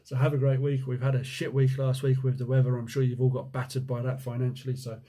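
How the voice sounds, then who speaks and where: A middle-aged man from Jersey speaks with a mixed island accent, his voice mellow and a little husky. He chats casually through viewer questions, cracking dry jokes and humming to himself between them. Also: mid-range voice, completely flat delivery, fast talker. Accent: Jersey, mixed with time in the USA. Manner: chatty and joking, reads questions aloud, hums while scrolling. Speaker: window cleaning business owner answering viewer questions. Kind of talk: casual Q&A vlog.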